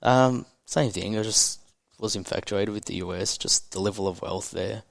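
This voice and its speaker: A fairly low-voiced Australian man in his thirties talks candidly as a podcast guest. He is blunt and emotional and swears freely. His voice sits close and dry on the mic, with no room sound. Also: normal speed, gravelly, no room sound. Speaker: entrepreneur guest.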